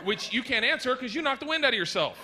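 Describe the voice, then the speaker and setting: A man's voice: very high voice, big pitch swings, fast. A man doing a stand-up routine with self-mocking, punchy delivery. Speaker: stand-up comedian. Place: comedy stage before a live audience. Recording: live set with audience noise.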